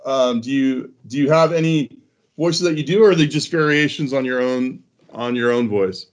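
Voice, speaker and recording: A man's voice: mid-range voice, moderate pace. A man hosting an interview, asking hesitant, friendly questions and affirming often. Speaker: interview host. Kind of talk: casual interview conversation.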